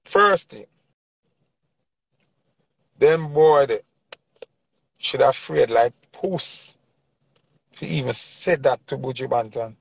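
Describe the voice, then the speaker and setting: A man's voice: medium pitch, animated, takes it slowly, gravelly, pauses often, husky, no room sound. A man with a Jamaican accent delivering a passionate, preachy commentary rant in heavy Patois. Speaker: vlogger. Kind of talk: ranting commentary. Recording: dull lo-fi dry sound.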